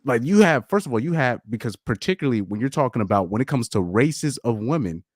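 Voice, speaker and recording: A man hosting a casual live stream chat, talking in an animated, rambling way, with frequent laughs and repeated words. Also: medium pitch, fast talker, no room sound, studio quality. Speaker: podcast host.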